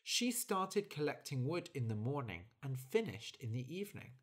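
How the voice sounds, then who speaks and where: A storyteller with a mid-range voice reads a children's story slowly and clearly for English learners, in a deliberate, expressive way.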